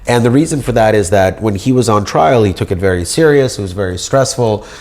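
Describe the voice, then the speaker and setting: Rambling, grandiose man, low-voiced. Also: animated, a little fast, a little mellow. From United States. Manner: grandiose, rambling, speaks as if addressing a judge. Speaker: speaker pleading his case. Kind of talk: rambling monologue.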